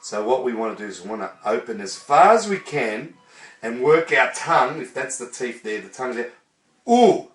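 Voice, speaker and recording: A man's voice: mid-range voice, expressive, a little fast, fairly bright tone. A man teaching singing, demonstrating vowels and coaching a student. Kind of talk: vocal lesson. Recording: echoey room, voice from a distance.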